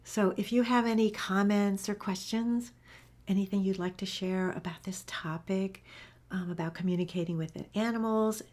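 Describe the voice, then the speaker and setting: A woman's voice: medium pitch, fairly even intonation, normal speed, a little mellow. A woman working as an animal communicator, telling a story to camera in a chatty way, with frequent fillers and restarts.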